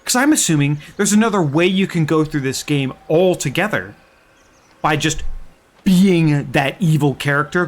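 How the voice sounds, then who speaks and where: A young man telling game stories in a casual, excited and profane way as a streamer. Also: fairly high pitch. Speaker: gaming streamer. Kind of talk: casual chat.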